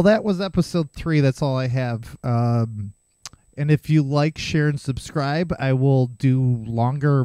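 A man's voice: mid-range voice, a little mellow, dry recording. A man in his thirties hosting a solo podcast, telling a rambling, heavily profane story from his youth with self-mocking asides. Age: 30s. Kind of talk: casual storytelling monologue.

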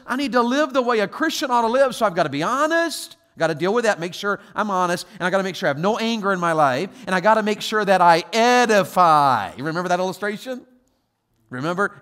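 A man preaching a sermon as a guest pastor, telling stories with quoted voices and moving from quiet asides to loud exhortation. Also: high voice.

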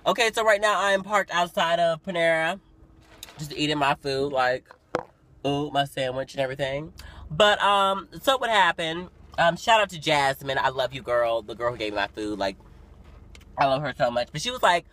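A young man of nineteen vlogging casually, chatty and dramatic, full of fillers and sudden loud, excited storytelling. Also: fairly high pitch, normal speed. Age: young adult. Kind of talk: casual vlog talk to camera. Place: parked car. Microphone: phone camera.

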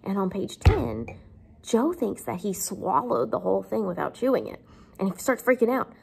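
A woman's voice: medium pitch, lively intonation, fairly quick, creaky, a little mellow, breathy edge. A woman English teacher explaining a novel in a chatty, wry, conversational way.

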